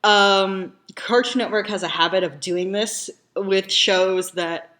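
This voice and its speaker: Chatty woman with a bright voice. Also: medium pitch, steady tone, slow pace. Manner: rambling, lots of ums and likes. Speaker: reaction video host. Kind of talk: casual chat to camera.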